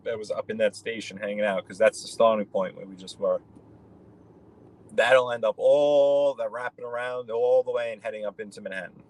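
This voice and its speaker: A man's voice: fairly low pitch, fairly even intonation, moderate pace, darkish tone, low-quality recording. Chatty New man talking while driving. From New York. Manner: rambling, chatty, addresses viewers by name. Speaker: live-stream host. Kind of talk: casual chat while driving. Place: in a car.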